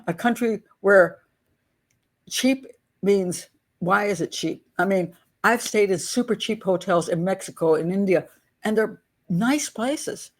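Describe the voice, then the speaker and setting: A woman's voice: mid-range voice, darkish tone. An older American woman chatting and telling stories as an advice vlogger, laughing often and restarting her sentences. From United States. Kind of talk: casual storytelling.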